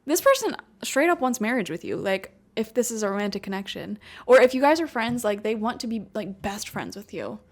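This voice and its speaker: A woman's voice: fairly high pitch, very animated, a little fast, few pauses. A woman giving a casual tarot reading to her viewers, chatty and laughing often, with lots of "like" and "you know". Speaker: tarot reader. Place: home room with a cat.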